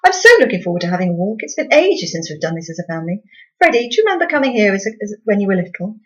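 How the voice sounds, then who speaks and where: A woman voicing a fussy, overly cheerful middle-aged mother who speaks in a high-pitched, bright manner. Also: very animated, very fast, highs cut off, natural voice. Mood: chirpy.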